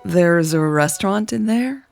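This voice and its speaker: A woman voicing a tired, wry businesswoman who speaks in a dry, unhurried way, in a story read aloud. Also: on the low side, lively intonation, gravelly, darkish tone, soft background music.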